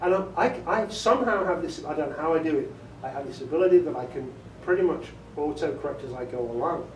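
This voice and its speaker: Animated and fast, a man with a slightly high, darkish voice gives a self-amused, chatty audiobook-narration workshop before a group. He laughs often and demonstrates inflections; the meeting room is echoey, captured from afar with a little hiss or hum.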